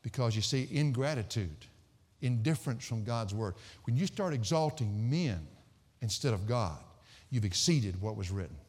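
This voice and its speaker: A middle-aged male pastor preaching a sermon, emphatic and swinging from loud sarcastic peaks down to quiet low endings. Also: expressive, normal speed. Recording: hall reverb.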